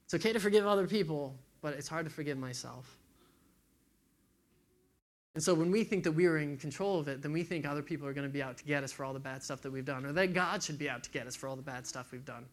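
A man's voice: on the high side, quick pace. A man giving a casual, conversational sermon to a young group, acting out quotes as he tells a story.

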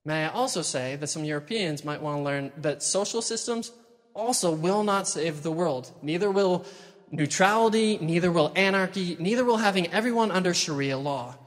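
A man preaching a sermon with slightly high pitch and animated, dramatic storytelling. His voice carries a long reverb, as in a large hall. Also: moderate pace. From United States.

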